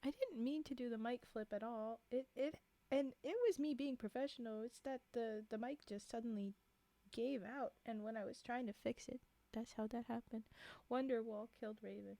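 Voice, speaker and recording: A woman's voice: a little high, moderate pace, warm tone, no room sound. A woman streaming live from a home setup on a desk microphone, chatting casually, giggling often and poking fun at herself. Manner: giggly, rambling, self-mocking.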